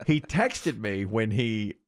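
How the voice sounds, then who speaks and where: A middle-aged man hosting a morning radio show, telling stories in casual banter and acting out the quotes with big jumps in his voice. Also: slow pace. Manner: animated storyteller, acts out quotes with big pitch jumps.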